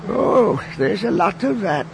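A man voicing a calm, unflappable old male mayor in an audiobook reading, with a high, mild, wistful voice. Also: unhurried, gravelly, background noise, heavily acted. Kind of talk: audiobook character voice.

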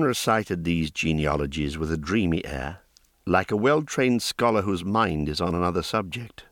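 A man reading a fantasy novel aloud in calm storytelling narration. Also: low-pitched, normal speed, dry recording, clean studio sound. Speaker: audiobook narrator. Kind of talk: scripted narration.

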